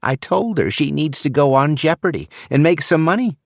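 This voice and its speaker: A man's voice: a little high, expressive, moderate pace, gravelly, no echo, voice pushed up. Man putting on a gushing, proud mom. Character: proud, chatty mother.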